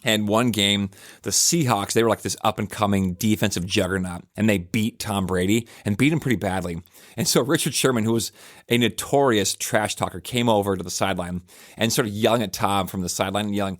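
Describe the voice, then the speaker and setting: A man's voice: lowish voice, brisk, dry recording, studio quality. A podcast host, a man likely in his thirties, talking in a casual, rambling reflective monologue with frequent restarts and fillers.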